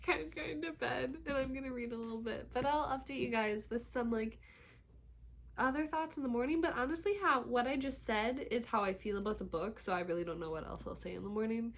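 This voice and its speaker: A young woman chats casually at home for her book vlog, her voice fairly high and fairly quick. She gushes, swears freely, and laughs often in this relaxed reading vlog chat.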